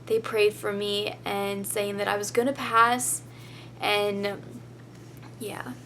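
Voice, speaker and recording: A teenage girl tells a long, rambling story in a casual vlog, packed with "like" fillers, emotional and close to tears. Her medium-pitched voice is bright and forceful with a level tone, and she speaks slowly. There's slight background noise.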